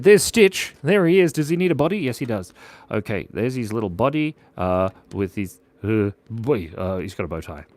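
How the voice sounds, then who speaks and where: Man, playful live drawing host, lively pitch, chatty, mumbles while sketching. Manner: playful, chatty, reads out viewer comments, often drops to a mumble while drawing. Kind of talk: live drawing stream chat.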